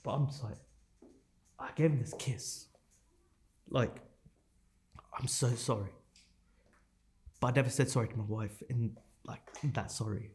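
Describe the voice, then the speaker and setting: A man's voice: mid-range voice, moderate pace, long pauses, darkish tone, slight background noise. A man in his thirties, a podcast guest telling a painful personal story in a raw, intense way, swearing and repeating phrases for emphasis.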